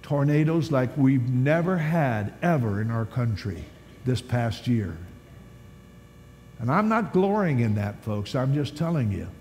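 A man preaching a sermon as a pastor at a church conference, telling stories with animated swings from loud to hushed. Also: medium pitch, unhurried. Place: large church hall at a conference. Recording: long hall reverb, faint background hiss.

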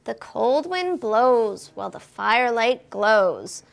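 The librarian at this children's storytime reads a picture book with a sing-song, expressive lilt, posing questions to the kids. Her voice is a little high with some vocal fry, and she reads at a slow pace.

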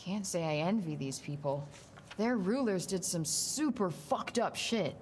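A blunt, irreverent young heroine tosses off dry remarks in a fantasy game. Her voice sits slightly low. Faint ambient sound hums underneath. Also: lively intonation, unhurried, a little mellow, a little hiss or hum. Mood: wry. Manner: blunt, offhand.

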